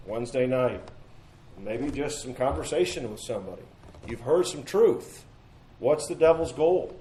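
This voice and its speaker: A man's voice: mid-range voice, dark tone, reverberant, poor audio. A man teaching a midweek Bible study in an earnest, conversational way, repeating phrases and asking rhetorical questions, recorded in a church room.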